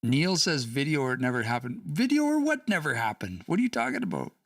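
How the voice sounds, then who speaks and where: A man's voice: mid-range voice, big pitch swings, fast talker, a bit bright, no echo, studio quality, distant mic. A man teaching language casually on a livestream, chatty, laughing and reading out chat comments.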